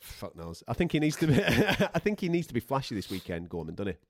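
A man's voice: medium pitch, big pitch swings, fast talker, dry recording, clean studio sound. A man hosting a boxing podcast, telling stories in a chatty way, laughing often and swearing freely. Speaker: boxing podcast host and radio presenter. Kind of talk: casual banter and storytelling.

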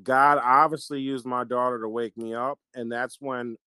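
A man's voice: mid-range voice, steady tone, normal speed, bright, forceful tone, clean tone, no echo. A man telling a personal family story in an earnest way, often stopping and restarting as he talks. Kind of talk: casual conversation, personal story.

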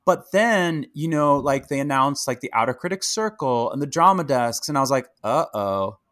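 Chatty, higher-voiced middle-aged man. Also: normal speed. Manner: animated, chatty storyteller with many fillers and restarts. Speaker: podcast guest, Broadway actor. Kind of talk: casual interview chat.

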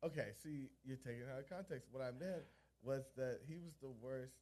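A man's voice: mid-range voice, fairly quick, slight background noise. A man co-hosting a podcast, defensive and profane in casual chat. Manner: animated, swears a lot, defensive. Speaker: podcast co-host.

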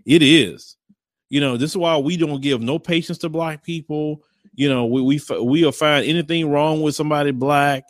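A man's voice: fairly high pitch, moderate pace, no room sound, studio quality. A man hosting a casual commentary show and talking bluntly to viewers. He rambles, repeats phrases and slips into mocking voices.

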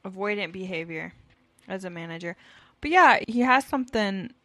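Podcast co-host, a woman, mid-pitched, agreeable and reflective, dry close sound. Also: expressive, normal speed, pushed and bright, dry recording. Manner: agreeable, brief replies, thoughtful remarks. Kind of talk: casual chat.

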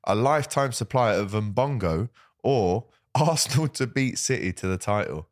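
A man's voice: on the low side, expressive, normal speed, no echo, clean studio sound. A man hosting a casual live stream, chatting with a guest and reading out viewer comments in a jokey way. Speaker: host.

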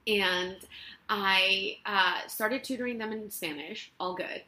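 An actress with a bright, forward, medium-pitched voice tells self-mocking stories about herself at a slow pace in a loose, chatty interview. She fills gaps with lots of ums and likes, and the recording has the echo of her own apartment's living room.

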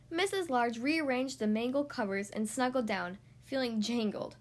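A woman reads a children's picture book aloud, narrating with an expressive, animated lilt. Her voice is notably high. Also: moderate pace, hardly any pauses. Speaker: reader. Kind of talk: reading a storybook aloud.

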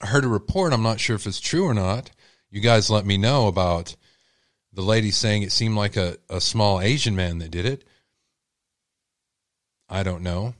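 A man with a Texan accent hosts a true-crime channel, talking straight to his viewers in a blunt, heated, rambling way. His voice sits on the low side. The sound is dry and close, with no room echo. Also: moderate pace, long pauses. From Texas. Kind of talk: casual commentary to viewers.

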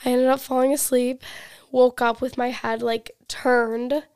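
A woman's voice: high-pitched, flat delivery, measured pace, darkish tone, clear, resonant tone. A young woman telling a story in casual chat, chatty and swearing freely, with many "like" fillers. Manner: chatty, swears a lot, heavy use of "like".

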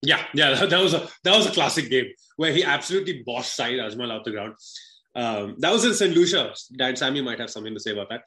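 A man's voice: medium pitch, expressive, fast talker, sharp tone. A man co-hosting a podcast in casual cricket chat, joking and laughing often with swearing banter. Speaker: podcast co-host. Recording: echoey room.

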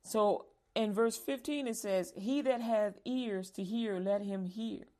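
A woman teaching a Bible lesson to young people, lively and acting out calls and warnings. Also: medium pitch, slow pace.

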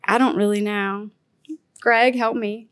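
A woman's voice: mid-range voice, steady tone, a little slow, no room sound. A woman in her forties from Louisiana with a Cajun accent, chatting and laughing as a podcast guest, calling herself sassy. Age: 40s. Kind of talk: casual interview chat.

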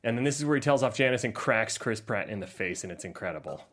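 A man's voice: on the low side, quick pace. A man hosting a film podcast, chatting casually and acting out scenes with jokes. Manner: animated, jokey, acts out scenes. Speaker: podcast host.

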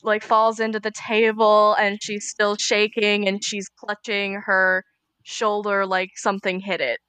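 A woman's voice: medium pitch, monotone, a little slow, a bit bright, clear, resonant tone, no room sound. A woman playing a tabletop game, describing her character's actions in a hesitant, dramatic way. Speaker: player. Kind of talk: tabletop role-play narration.

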